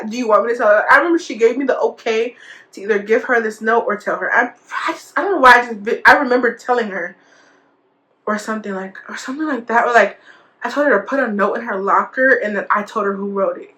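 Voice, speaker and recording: A young woman recounts a school-days story to her viewers in a loose, conversational way. She fills her talk with fillers and acts out quoted lines. Her voice sits a little higher than most women's. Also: quick pace, fairly bright tone. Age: young adult. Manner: chatty, full of fillers and quoted dialogue, laughs often. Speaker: storytime vlogger. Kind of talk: casual storytelling.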